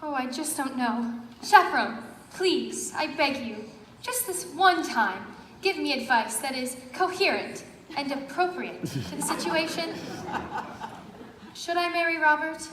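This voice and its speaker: A woman's voice: sits high, lively intonation, a little slow, noisy background. A woman playing a dramatic young showgirl bride, theatrical and exclamatory, in a stage musical. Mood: pleading. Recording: echoey hall, live stage.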